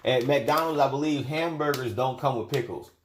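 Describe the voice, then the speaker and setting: A man's voice: medium pitch, moderate pace, noisy background. A man hosting a casual livestream who tells rambling, profane stories in a loose, offhand way. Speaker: livestream host and spiritual teacher.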